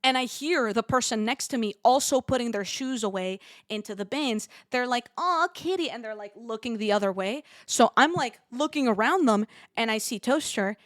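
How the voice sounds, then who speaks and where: A young woman streamer telling a rambling, animated story in a casual way, full of fillers and asides. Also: fairly high pitch, moderate pace, few pauses, dry recording, clean studio sound.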